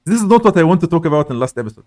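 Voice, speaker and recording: A man co-hosting a casual podcast chat, rambling and self-deprecating, with many "like" fillers and a loud voice. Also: fairly high pitch, very animated, rapid-fire. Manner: says he has a loud voice. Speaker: podcast co-host.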